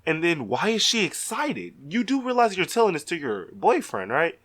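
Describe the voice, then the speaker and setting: A man's voice: on the high side, moderate pace. Exasperated young man telling a story. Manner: animated, exasperated. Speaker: vlogger. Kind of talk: storytime vlog.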